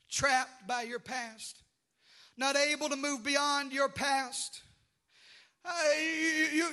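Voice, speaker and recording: A man preaching a sermon with passion, swinging from drawn-out shouted phrases to hushed, quiet lines. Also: very high-pitched. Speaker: pastor.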